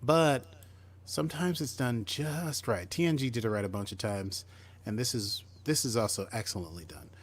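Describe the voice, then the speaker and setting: A podcast co-host with a mid-range voice at normal speed chats casually while recapping a TV episode, acting out bits of the characters' lines.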